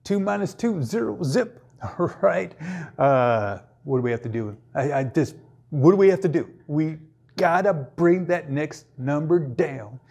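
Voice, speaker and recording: A man runs a playful math lesson with a high and slightly husky voice. He jokes, sings a little and stays goofy between the steps of each problem. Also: expressive, measured pace, a little mellow. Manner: goofy, jokey, sings and puts on silly voices. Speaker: math teacher.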